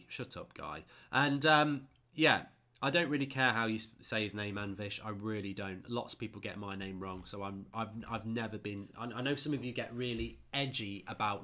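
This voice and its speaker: A man's voice: lowish voice, bright, forceful tone. A man hosting a casual football stream, tired and yawning, talking bluntly and with strong opinions while he reads out viewer comments. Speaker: football channel host reading viewer comments. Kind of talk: casual live-stream chat.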